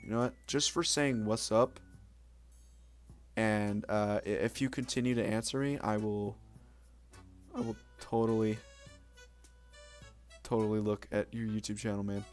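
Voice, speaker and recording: A man's voice: on the low side, steady tone, a little slow, pauses often, soft background music. A young man streaming late at night, chatting casually with viewers in a rambling, self-mocking way, swearing now and then.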